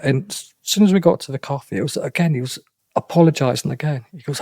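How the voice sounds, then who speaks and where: A middle-aged man with a halting way of talking, often restarting and repeating himself as he tells a personal story in an interview. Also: fairly high pitch, a little mellow, no echo, studio quality. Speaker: interview guest. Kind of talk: emotional personal account.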